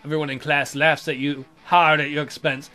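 A young man hosting a let's play, reading game text aloud and adding sarcastic, profane commentary with sudden loud outbursts. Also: on the high side, little pitch movement, fairly quick.

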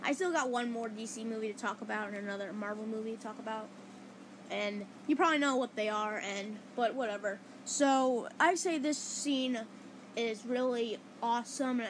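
A woman with a slightly high voice rambles through a casual countdown of movie fight scenes. She talks with loose enthusiasm, packing her sentences with "like" and restarts. Faint background noise sits under her voice. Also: moderate pace, rough recording. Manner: rambling, enthusiastic, many fillers like "like". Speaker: movie reviewer.

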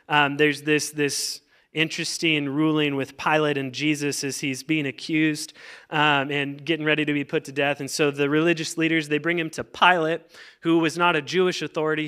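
A man's voice: fairly high pitch, bright, forceful tone, clean tone. A man pastor preaching a sermon, reading scripture aloud and urging the congregation to answer back. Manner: preaching with emphatic call-and-response to the congregation; reads scripture aloud between explanation.

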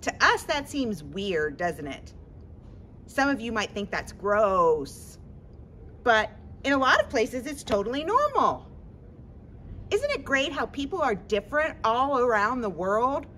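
A woman's voice: a little high, sing-song, a little slow, a bit bright, slight background noise. A woman hosting a children's story-time in an empty library, talking in a playful, exaggerated sing-song way for kids.

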